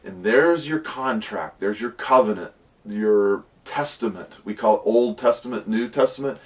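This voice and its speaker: A man with a fairly low voice teaches a casual Bible lesson. He tells the stories with lively energy and acts out voices along the way. The mic sits a little away from him. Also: measured pace, far from the mic. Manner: lively storytelling, acting out voices of characters.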